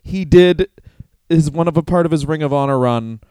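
A man's voice: fairly high pitch, normal speed, warm tone, smooth, dry recording. Rambling, laughing young man in banter. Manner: rambling, laughing, swearing, puts on silly voices. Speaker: podcast co-host. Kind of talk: casual podcast banter. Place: living room.

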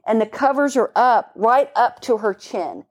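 A woman's voice: on the high side, animated, measured pace. A middle-aged woman police officer recounting a call in casual conversation, vivid and emphatic, with blunt, casual swearing.

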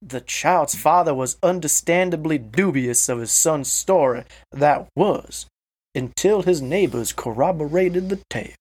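Slightly high-voiced playful male storyteller. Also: animated, darkish tone, breathy edge. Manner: playful storytelling, crude jokes, reads passages slowly. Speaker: podcast storyteller. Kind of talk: casual podcast chat, reading a story aloud.

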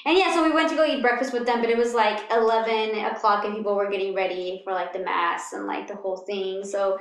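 A woman's voice: medium pitch, steady tone, fast talker, roomy sound. A woman from Texas, co-hosting a casual show recap with lots of fillers. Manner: chatty, frequent fillers. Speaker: podcast co-host.

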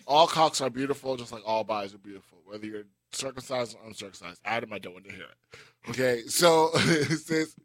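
A man co-hosting a podcast, making his point emphatically and sassily. He speaks at a mid pitch, with a dry, close sound. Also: normal speed, dry recording. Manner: emphatic, sassy address. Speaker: podcast co-host. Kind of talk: casual podcast banter.

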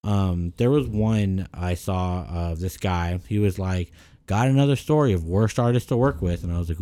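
A man's voice: lowish voice, normal speed, dry recording. A man co-hosting a podcast in casual chat, rambling and swearing freely, getting heated when he rants. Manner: rambling, profane, animated when ranting. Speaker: podcast co-host.

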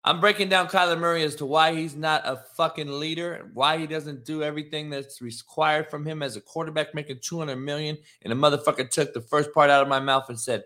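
A man's voice: on the high side, steady tone, a little fast, few pauses, bright, forceful tone. A middle-aged man and former coach hosting a show, ranting in a brash, profane way and mocking commenters. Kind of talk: profane live-stream rant.

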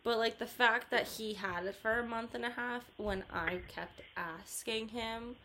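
A woman's voice: fairly high pitch, unhurried, slight background noise. A woman chatting casually with her best friend, blunt and full of swearing. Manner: blunt and profane, animated reactions.

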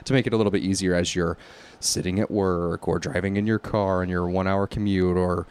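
A man co-hosting a casual podcast chat, animated and often laughing. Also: low voice, fast, smooth. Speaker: podcast co-host.

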